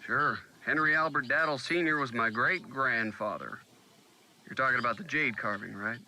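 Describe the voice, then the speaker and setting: A man's voice: medium pitch, normal speed, sharp tone, slight background noise. An actor voicing a courteous, genial older man in a mystery game. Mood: affable. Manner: affable, courteous.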